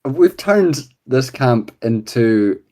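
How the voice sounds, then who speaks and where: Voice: medium pitch, lively intonation, extremely slow, a little mellow. Tabletop player, casual, blunt, plain mid voice. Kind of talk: tabletop game chat.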